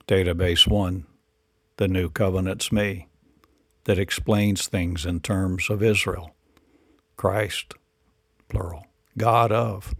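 A man's voice: sits low, creaky, slightly rough, dry recording, clean studio sound. A man delivering a rambling spiritual monologue in incantatory, repetitive declarations and rhetorical questions.

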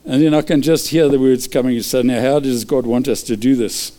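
Mellow-voiced man preaching. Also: mid-range voice, a little fast, few pauses. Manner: lively, repeats short exhortations, chuckles often. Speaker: pastor. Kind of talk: sermon.

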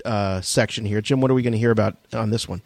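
A man's voice: fairly low pitch, fairly even intonation, fast, gravelly, darkish tone, no room sound. A man co-hosting a podcast, chatty and rambling in casual conversation. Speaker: podcast co-host.

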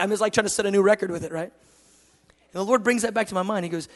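A male preacher telling a humorous sermon story, animated and jokey, acting out the dialogue himself. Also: high-pitched, quick pace, in a large hall.

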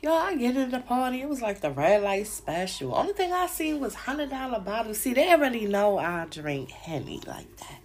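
A woman's voice: on the high side, very animated, moderate pace, few pauses, slight background noise. A woman, a podcast host telling stories in a casual, slangy, profane way and acting out the people she quotes. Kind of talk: casual storytelling chat.

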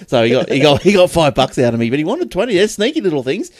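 An Australian man chatting casually on a podcast, telling lively stories, acting out other people's voices and laughing often. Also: a little high, racing, hardly any pauses, no room sound, clean studio sound. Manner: animated storyteller, acts out voices, laughs often. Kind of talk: casual chat.

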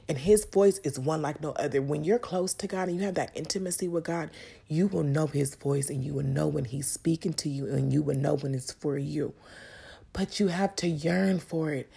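Woman vlogger, heartfelt testimony, dark gravelly voice. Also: low-pitched, moderate pace. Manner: earnest, emotional, addresses viewers directly. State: tearful at times. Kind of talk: personal faith testimony.

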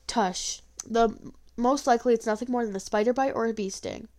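A woman's voice: a little high, fairly quick, a little mellow, natural voice. A woman reading aloud, voicing a stern, harsh-voiced old woman healer who scolds curtly. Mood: scolding. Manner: scolding, curt.

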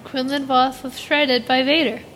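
A woman's voice: high voice, unhurried, a little hiss or hum. Giggly rambling teenage girl. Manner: giggly, rambling, animated storytelling. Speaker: podcast co-host. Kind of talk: casual fan chat.

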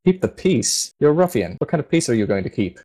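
A man plays a stern armored female paladin who scolds in curt, clipped lines. The voice sits low and the speech comes quickly. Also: steady tone, darkish tone, close to an everyday voice. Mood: scornful.

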